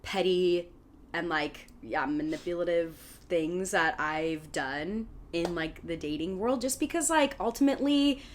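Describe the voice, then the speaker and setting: A woman's voice: lowish voice, a little slow, slight background noise. A young woman co-hosting a casual podcast, rambling through stories with swearing, fillers and laughter. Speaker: podcast co-host. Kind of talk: casual chat.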